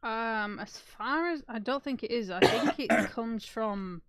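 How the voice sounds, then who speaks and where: A woman co-hosting a casual chat, giggly and quick-witted. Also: fairly high pitch, smooth. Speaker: co-host, host's partner.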